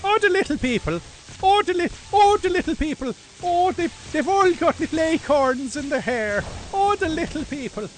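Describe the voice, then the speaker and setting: A man voicing a giddy male fellow of the little folk in a high, exaggerated sing-song. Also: animated, normal speed, slight background noise, rough recording. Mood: giddy mocking.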